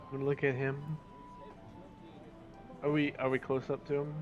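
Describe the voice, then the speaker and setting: A man's voice: medium pitch, completely flat delivery, moderate pace, highs cut off, over music. A man playing in a tabletop game over a voice call, speaking hesitantly with frequent uhs. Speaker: player.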